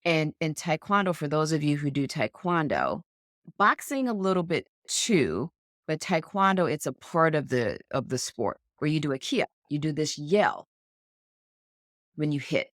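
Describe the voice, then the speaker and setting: A woman co-hosts a sports podcast indoors, speaking in an earnest, encouraging, coach-like way during casual chat. Her deep voice is animated and measured in pace, captured in a dry, studio-quality recording.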